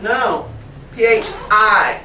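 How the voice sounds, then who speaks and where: Woman english teacher, laughs a lot, jokes at herself, bouncy lively pitch, slow talker, echoey classroom from afar. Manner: playful, laughs often, teases herself. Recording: echoey classroom, distant mic, faint hiss.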